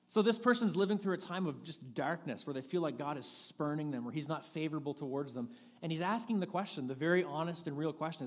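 A man's voice: a little high, brisk, in a large hall. A man preaching a sermon as pastor, in a candid, conversational manner with frequent restarts. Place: church sanctuary.

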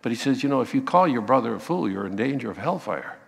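A man preaching a sermon, acting out the voices he quotes with lively emphasis. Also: mid-range voice, fast, gravelly, long reverb tail. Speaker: pastor.

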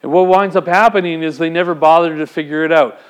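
A man's voice: a little high, steady tone, fast, smooth. A man preaching a sermon, speaking conversationally and putting direct questions to the congregation. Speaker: pastor.

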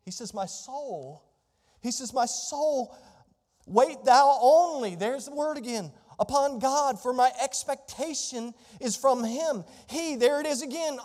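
A man preaching a sermon in a church, building from quiet scripture reading to emphatic declarations. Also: very high-pitched, big-room sound. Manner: rising to emphatic, near-shouted declarations. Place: church sanctuary.

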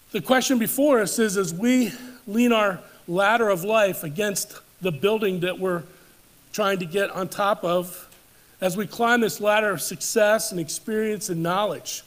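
High-voiced pastor preaching a measured sermon. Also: male voice. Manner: measured preaching, slowing and dropping for emphasis, rising on climactic scripture. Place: church service.

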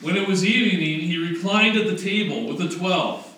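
A pastor with a high, somewhat bright voice preaches a conversational sermon at a normal speed. He corrects himself along the way and builds up to emphatic rhetorical questions. The distant mic catches a very echoey room and faint noise.

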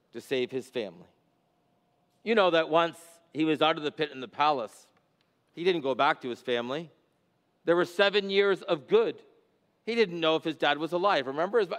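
A man's voice: fairly high pitch, a bit bright, clear, resonant tone, big-room sound. A pastor preaching an expository sermon, a man whose voice climbs and drops for emphasis as he explains scripture.

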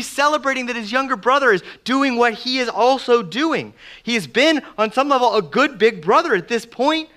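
A middle-aged man preaching a sermon as pastor, animated and acting out the voices of the people he quotes. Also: extremely high pitch, normal speed, hardly any pauses.

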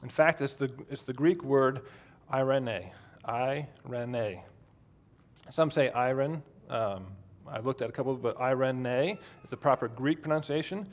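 A man's voice: medium pitch, moderate pace. A man preaching a sermon in a conversational way, asking the congregation questions. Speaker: pastor.

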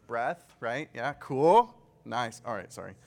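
A man's voice: mid-range voice, expressive, slow, gravelly, a little mellow. A man leading a Bible study, reading scripture and breaking off for casual, joking asides and questions to the group. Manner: chatty, joking asides, frequent "like"; checks in with the group.

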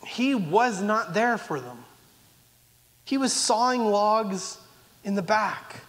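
A man's voice: high voice, expressive, takes it slowly, pauses often, a bit bright. A man preaching a sermon as pastor, earnest and repetitive, now and then acting out pleading voices. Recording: long reverb of a large hall.

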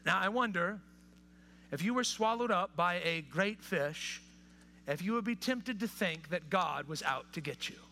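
A man preaching a sermon to a live congregation, dropping to hushed, intimate asides and rising to impassioned appeals. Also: sits high, expressive, unhurried, a little hiss or hum. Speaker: pastor. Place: church or hall with live audience.

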